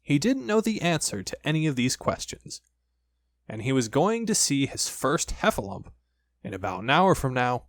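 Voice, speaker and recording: A man reading a children's storybook aloud, with lively, expressive storytelling. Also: medium pitch, normal speed, dry recording, studio quality. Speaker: audiobook narrator.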